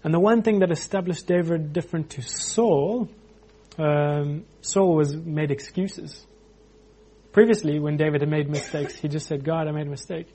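A man preaching an informal sermon, animated, acting out quotes with frequent restarts. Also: a little high, measured pace, breathy edge.

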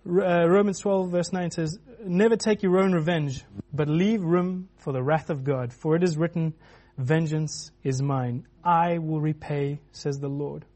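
Guy giving a sermon, kinda high voice, lots of restarts and ums. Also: fairly even intonation, unhurried, hardly any pauses, a little mellow. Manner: many restarts and filler words, acts out quoted voices. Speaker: preacher.

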